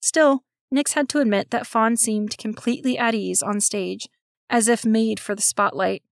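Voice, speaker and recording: A woman's voice: a little high, moderate pace, gravelly, no room sound. Woman narrating a story, dry close sound. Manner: steady, expressive storytelling.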